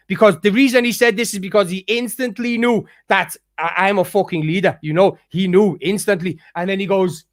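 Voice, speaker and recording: An angry man with a very high voice tears into an online rival in a profane vlog rant. He stumbles and restarts his sentences, repeating himself as he builds his case. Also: steady tone, brisk, no echo, clean studio sound. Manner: heated, profane, repetitive restarts. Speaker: YouTuber calling out a rival.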